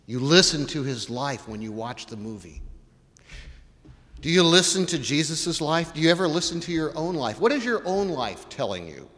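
Man, pastor, sermon, bright voice, long hall echo. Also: on the high side, lively intonation, normal speed. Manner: asks the congregation repeated questions. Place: church.

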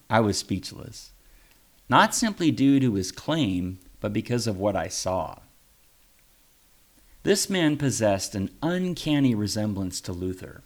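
A man, a pastor, reading his own first-person story aloud in a reflective, wry way. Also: lowish voice.

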